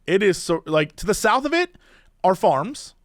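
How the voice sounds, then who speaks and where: Lively high-voiced man chatting. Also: moderate pace, no echo, clean studio sound. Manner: rambling, animated, full of restarts and fillers. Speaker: podcast co-host. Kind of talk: casual chat.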